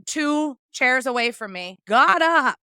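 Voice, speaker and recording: A woman hosting a podcast, telling stories in a casual, animated and profane way. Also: sits high, takes it slowly, clean tone, no room sound, studio quality. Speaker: podcast host. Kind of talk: casual interview chat.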